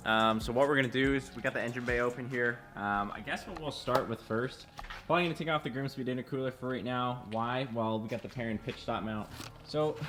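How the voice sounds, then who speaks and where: A young man vlogging casually about his car, talking in an excited, rambling way and swearing a lot. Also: mid-range voice.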